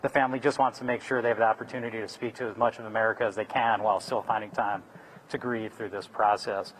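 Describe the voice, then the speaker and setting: A man moderating a press conference, making formal announcements with hesitant pauses and restarts. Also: on the low side, fairly even intonation, a little hiss or hum, low-quality recording. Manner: hesitant, many fillers and restarts.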